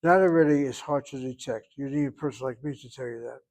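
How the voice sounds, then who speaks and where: A man teaching a Hebrew grammar class, explaining word roots slowly and drawing out pronunciations, with dry self-assured asides. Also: medium pitch, darkish tone. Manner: slow, explaining, drawn-out pronunciations.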